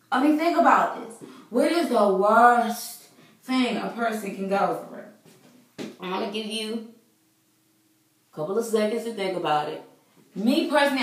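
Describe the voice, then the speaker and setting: A woman's voice: a little high, recorded from a distance. A woman vlogger giving an earnest, preachy faith talk to her viewers, casual and full of fillers. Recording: very echoey room, voice away from mic.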